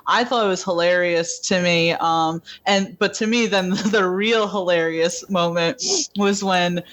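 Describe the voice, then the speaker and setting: A young woman chatting as a guest film reviewer on a podcast. She talks in an animated way, laughs often and acts out lines from scenes. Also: on the low side, a little slow. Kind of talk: casual podcast chat.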